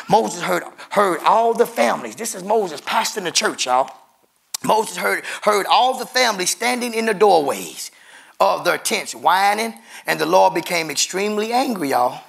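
A man preaches with emphatic fire, calling out to the church. His voice sits high and bright, with a husky, gravelly grain running through it. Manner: emphatic preaching, calls out to the congregation. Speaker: pastor. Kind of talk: sermon.

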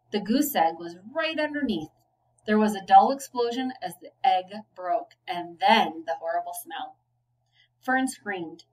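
A woman, a teacher, reading a children's novel aloud, giving the children's lines a lively lift. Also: mid-range voice, far from the mic, low-quality recording. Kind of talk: storybook read-aloud.

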